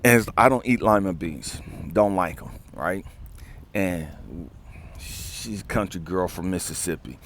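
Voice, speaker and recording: A man's voice: sits low, measured pace. A man coaching and ranting outdoors in the wind, telling a story in a blunt, profane, preachy way. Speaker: life coach. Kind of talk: motivational rant.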